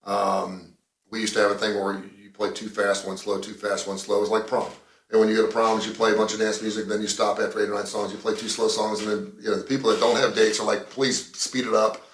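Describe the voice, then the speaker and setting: A man hosting a radio show, talking in a rambling, animated, casual way. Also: fairly low pitch, fast talker, roomy sound, a little hiss or hum. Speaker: radio host.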